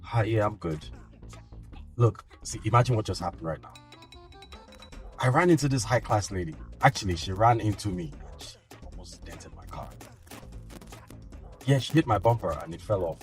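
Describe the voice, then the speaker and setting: A man playing a chatty low-voiced caller. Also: lively intonation, moderate pace, pauses often, soft background music, lightly acted. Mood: amused. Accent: Nigerian. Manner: chatty, amused. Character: cheerful man telling a story on the phone. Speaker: actor in a film. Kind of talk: film drama acting.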